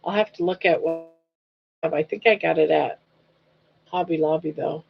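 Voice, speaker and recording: Gravelly older woman chatting on livestream. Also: deep voice, normal speed. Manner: rambling, reads chat comments aloud, coos at her dog. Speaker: livestream host. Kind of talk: casual chat. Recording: dull lo-fi livestream audio.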